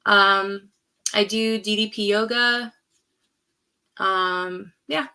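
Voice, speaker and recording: Female guest, bright voice, plain and matter-of-fact in her answers. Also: mid-range voice, fairly even intonation, very slow, smooth. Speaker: professional wrestler guest. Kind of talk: casual podcast interview.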